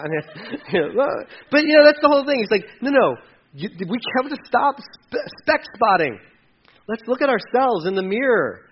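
Pastor, male, high-pitched, chatty and playful in the pulpit, lo-fi sound. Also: very animated, brisk, slight background noise. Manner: conversational, jokey, acts out voices in his retelling. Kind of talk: sermon.

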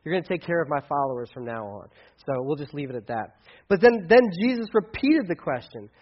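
A male pastor giving a casual, conversational sermon that acts out dialogue with big swings in loudness. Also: fairly high pitch, sing-song, brisk, dull audio.

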